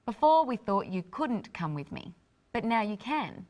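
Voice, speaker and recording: A woman hosting an English lesson, explaining in a clear, careful scripted delivery. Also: fairly high pitch, sing-song, a little slow, darkish tone. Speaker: host, English teacher.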